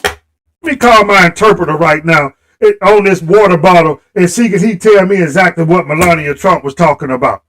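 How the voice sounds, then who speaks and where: Fired-up high-voiced man ranting on a livestream. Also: normal speed, fairly bright tone, a little hiss or hum, rough recording. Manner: impassioned, talks straight to viewers. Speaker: live stream host. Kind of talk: livestream political rant.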